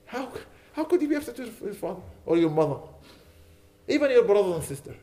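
Earnest preaching man, mellow voice. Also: very high-pitched, sing-song, quick pace. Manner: earnest, pleading, rising to indignant emphasis. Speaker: imam. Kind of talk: sermon.

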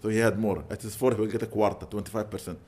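An older man giving an Islamic lecture, telling stories earnestly with sudden bursts of loud emphasis. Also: fairly low pitch, fairly even intonation, racing. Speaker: Islamic preacher. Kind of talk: religious lecture with storytelling.

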